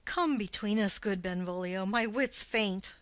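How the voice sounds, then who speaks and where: A woman's voice: medium pitch, fairly bright tone, no room sound, lightly acted. A woman reading the part of a witty, mocking young nobleman in an audiobook of a play. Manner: quick, punning banter.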